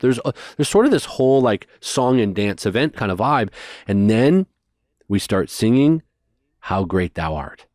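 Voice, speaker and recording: A man telling a story as a guest in a conversation, animated and rushing through details. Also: fairly low pitch, no echo, clean studio sound. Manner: animated, fast bursts of detail.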